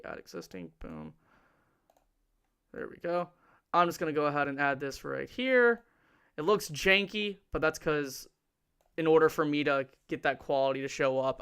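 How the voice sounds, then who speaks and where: A man's voice: medium pitch, gravelly, fairly bright tone, clean tone. A man hosting a casual podcast, talking loosely with lots of fillers while he runs his own stream. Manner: talkative, loose, many fillers. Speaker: podcast host. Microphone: streaming setup.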